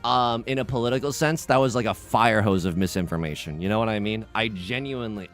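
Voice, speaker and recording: A young man streaming an online mahjong game, joking and reading out chat in a casual, animated way. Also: medium pitch, brisk, hardly any pauses, soft background music. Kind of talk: casual livestream commentary while playing mahjong.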